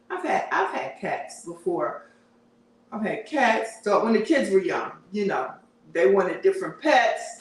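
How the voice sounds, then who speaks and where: A middle-aged woman hosts a casual livestream, chatting, laughing often and reading viewer comments aloud in a mid-range voice. The room is very echoey, she's far from the mic, and there's slight background noise.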